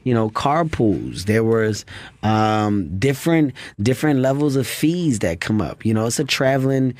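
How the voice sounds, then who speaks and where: A man's voice: mid-range voice, animated, a little slow, darkish tone, no room sound. Thirties guy comedian guest, earnest stories, dry studio sound, mid voice. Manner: earnest storytelling. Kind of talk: casual interview talk. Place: radio studio. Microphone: studio mic.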